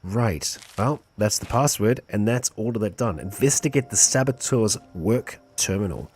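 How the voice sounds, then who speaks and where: A man's voice: on the low side, normal speed, a little hiss or hum. A man streaming a video game, chatting casually and thinking aloud as he plays. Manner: relaxed, chatty, thinking aloud, chuckles between lines. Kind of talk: casual gameplay commentary.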